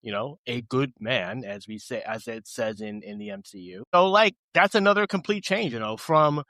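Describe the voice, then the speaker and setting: A man's voice: medium pitch, normal speed, sharp tone, no room sound. A man co-hosting a podcast in casual chat, recapping the plot with offhand asides. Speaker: podcast co-host.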